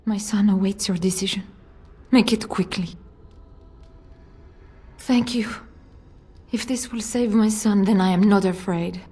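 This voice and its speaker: A woman's voice: medium pitch, steady tone, unhurried, long pauses, dark tone, breathy edge, in a large hall. An actress playing a desperate noble mother pleading for her son in a video game. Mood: tender. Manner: pleading, tearful.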